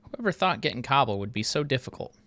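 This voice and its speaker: A man's voice: medium pitch, background noise. A man hosting a game video, chatting casually and thinking aloud with a self-mocking tone. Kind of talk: casual gameplay commentary.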